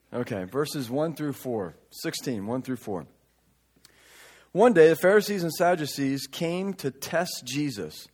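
A man preaching a conversational sermon, reading scripture and breaking into casual asides, swinging between loud emphatic lines and quiet remarks. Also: a little high. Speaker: pastor.

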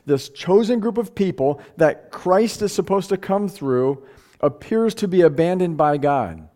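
A pastor with a fairly high, mellow voice preaches a sermon in a conversational way, asking the room questions. He reads scripture aloud, slowing down for emphasis.

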